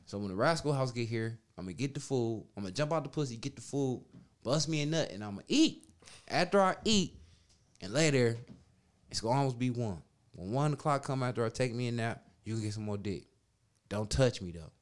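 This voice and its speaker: Dude telling a raunchy story to his buddies, cracks up laughing a lot, mid pitched. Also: lively intonation, brisk. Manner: crude storytelling with loud laughing bursts. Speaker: podcast storyteller. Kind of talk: casual chat.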